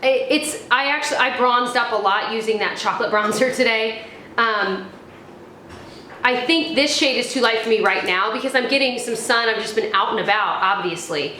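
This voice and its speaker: A woman's voice: on the high side, moderate pace, pushed and bright. A young woman reviewing beauty products in a casual chat, rambling with fillers and restarts. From United States. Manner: chatty, many fillers and restarts. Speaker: beauty vlogger. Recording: echoey room, faint background noise.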